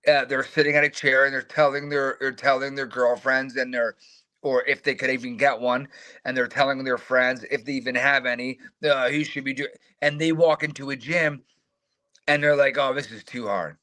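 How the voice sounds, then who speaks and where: Bright-voiced retired fighter telling stories. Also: male voice, mid-range voice, moderate pace. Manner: animated, profane, self-mocking, acts out quoted voices. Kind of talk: casual interview storytelling.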